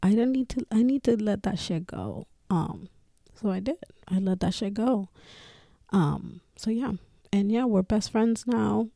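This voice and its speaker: A woman talks openly on her podcast, swearing freely and laughing between phrases. Her voice is gravelly and dark. The sound is dry and close. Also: medium pitch, measured pace, no echo. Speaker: podcast host. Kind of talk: casual personal talk.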